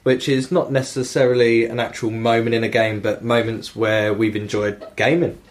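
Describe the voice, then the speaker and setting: A young man hosts a relaxed gaming podcast, his voice sitting in an ordinary middle register. He tells stories in an animated, loose way, peppered with swearing and frequent laughs. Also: medium pitch, normal speed. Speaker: podcast host. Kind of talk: casual podcast chat about video games.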